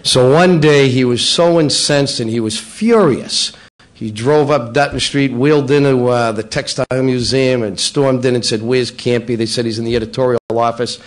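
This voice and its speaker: A man's voice: medium pitch, moderate pace. Middle-aged guy at a breakfast roast, teasing folks, telling jokes. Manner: teasing, jokey, playful. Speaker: local politician speaking at a breakfast. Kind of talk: roast-style joke telling. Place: banquet room at a public breakfast.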